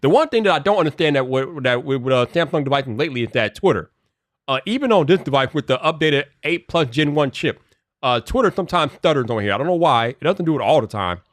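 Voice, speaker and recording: A man's voice: fairly high pitch, lively intonation, fast talker, no echo, studio quality. A man hosting a casual tech live stream and chatting to viewers' comments. He talks in loose slang, stumbles over repeated words and grows exasperated when things glitch.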